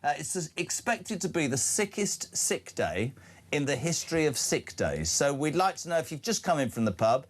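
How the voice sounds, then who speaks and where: A man's voice: a little high, sing-song, normal speed. A man, hosting a live breakfast radio show, teasing his co-host and reading out listener messages. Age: 60s. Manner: jokey and teasing, reels off phone numbers.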